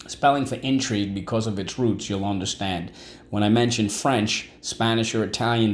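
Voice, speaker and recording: Man drilling vocabulary words. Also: lowish voice. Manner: repeats words and syllables with emphatic drilling; asks class-style questions like "What's the word?". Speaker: vocabulary teacher. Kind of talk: online vocabulary lesson.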